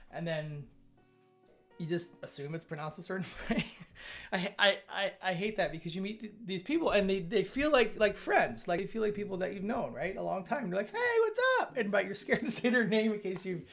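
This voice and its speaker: His voice is high-pitched, creaky, and somewhat bright as this man runs a live coding stream. He chats loosely and reasons out loud, frequently stumbling over and repeating words, while chill music plays faintly in the background.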